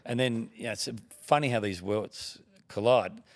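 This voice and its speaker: A middle-aged Australian man, a TV broadcaster on a podcast as a guest, casually rambles through lengthy anecdotes, quoting what people said. His voice sits in the mid-range and moves at a moderate pace.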